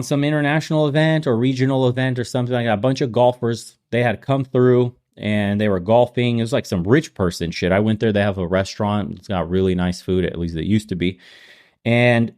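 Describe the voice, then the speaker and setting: A man's voice: medium pitch, a little mellow. A man hosting a casual reaction commentary, ranting bluntly and swearing often. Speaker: host.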